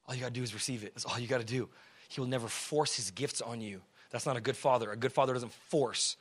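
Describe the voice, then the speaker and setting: A man preaching a sermon to a congregation in slangy, conversational talk, swinging from shouts down to hushed words and often asking the crowd questions. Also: medium pitch, fairly even intonation, quick pace, husky. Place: church before a congregation.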